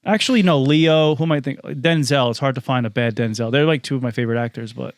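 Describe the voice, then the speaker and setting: Podcast host, male, relaxed rambly chat, dry close mic. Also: medium pitch, fast, dry recording. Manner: laid-back, rambling, loose. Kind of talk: casual chat.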